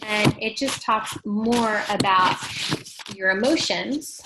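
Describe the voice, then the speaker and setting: A woman hosting a casual motivational talk, speaking straight to her viewers in an animated, emphatic way and reading out their comments. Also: takes it slowly, background noise. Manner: animated and emphatic, rising high when making a point; talks straight to the audience and reads out their comments. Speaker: host of a live wellness talk.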